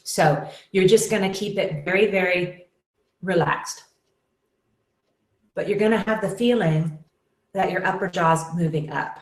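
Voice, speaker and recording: A woman's voice: fairly low pitch, measured pace, pauses often. A woman teaching a singing lesson in a webinar, explaining exercises and demonstrating with short sung syllables. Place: room with echo. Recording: roomy echo.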